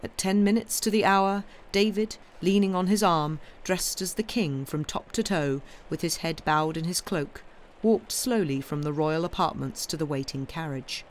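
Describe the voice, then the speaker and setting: Woman story reader, measured live-stream read-aloud of a classic tale. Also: on the low side.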